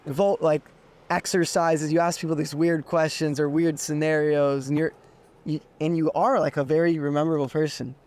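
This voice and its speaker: A man's voice: fairly high pitch, flat delivery, moderate pace, a little mellow. A young man hosting a casual podcast conversation, talking reflectively and filling his sentences with "like". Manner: reflective, many "like" fillers. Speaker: podcast host.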